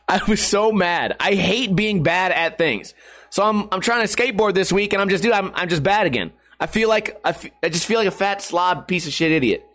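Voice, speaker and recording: A man in his thirties with a fairly high voice rambles through a casual vlog. He swears freely, laughs at himself a lot and keeps up a crude, self-mocking streak. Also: animated, moderate pace, a bit bright. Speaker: vlogger.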